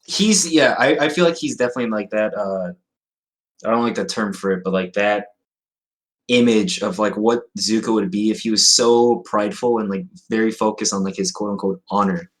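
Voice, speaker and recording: Young man, podcast co-host, low voice, hesitant, filler-heavy casual chat. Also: normal speed.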